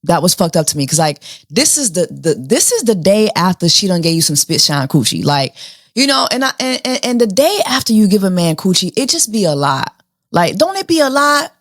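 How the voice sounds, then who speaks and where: A woman's voice: mid-range voice, very animated, a little fast, no echo, studio quality. A woman hosting a casual reality TV recap, sassy and slangy, firing off rhetorical questions. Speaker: show host.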